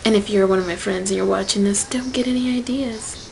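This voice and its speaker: A young woman telling a personal story to camera in a casual vlog, swinging from loud outbursts to whispered asides. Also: mid-range voice, steady tone, fairly quick, gravelly, low-quality recording. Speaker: vlogger.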